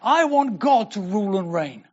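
A man's voice: high voice, very animated, normal speed, lo-fi sound. An older man preaching a sermon as pastor, earnest and building to emphatic declarations.

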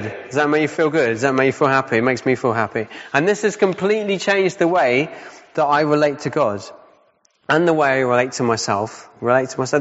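A man preaching a sermon in a casual, conversational way, often checking in with "yeah?" and repeating his key points. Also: mid-range voice. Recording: dull sound with long hall reverb.

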